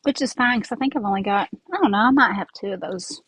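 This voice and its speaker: Her mid-range voice moves at a quick pace, fairly bright and slightly rough, with a Southern accent. She's a craft host rambling casually through a tutorial as she crafts by hand, a bit congested from sinus trouble. The earbud mic captures poor audio with no room sound.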